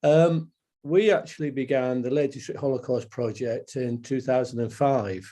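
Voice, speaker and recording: A man giving a guest talk over a video call, emotional and hesitant, with halting delivery. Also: mid-range voice, warm tone. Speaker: project director.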